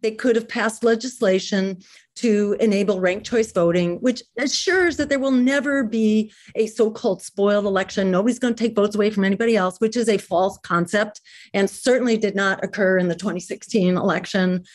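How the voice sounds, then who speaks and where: A woman's voice: medium pitch, a little fast. A woman guest on a political podcast, speaking in an indignant, emphatic way. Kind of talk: conversational interview talk.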